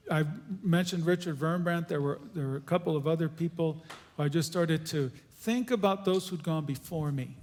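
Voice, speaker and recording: Earnest male speaker telling his story, a little high-pitched, echoing church hall. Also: darkish tone. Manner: earnest, halting, with restarts. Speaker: guest speaker. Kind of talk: conference Q&A testimony. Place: church auditorium.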